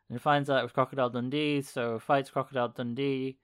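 A podcast co-host recaps a video in casual chat, rambling with fillers and laughing often. His mid-range voice is smooth and fairly flat in pitch, and he talks fast.

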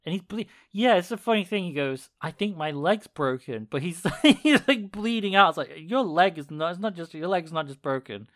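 A man's voice: high voice, expressive, brisk, few pauses, a bit bright. A man casually recapping a video on a podcast, rambling with fillers and laughing often. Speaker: podcast co-host. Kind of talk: casual chat.

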